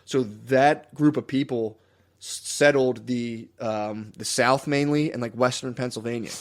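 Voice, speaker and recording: A man's voice: mid-range voice, fairly even intonation, a little slow. A man co-hosting a podcast, telling a story in a loose, rambling way with lots of fillers and restarts. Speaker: podcast co-host. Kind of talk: casual podcast chat.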